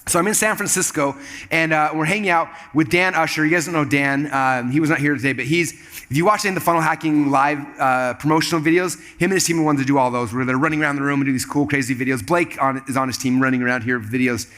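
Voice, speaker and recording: A man speaking on stage to a live audience, telling a lively personal story and acting out the other people's lines. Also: fairly high pitch, fast talker. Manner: animated, acts out quoted dialogue in shifting voices. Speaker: keynote speaker.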